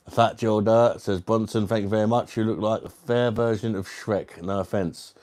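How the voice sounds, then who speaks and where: A man's voice: fairly low pitch, steady tone, a little fast, few pauses, darkish tone. A man hosting a live stream, reading out viewer comments with crude, matey banter. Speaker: livestream host.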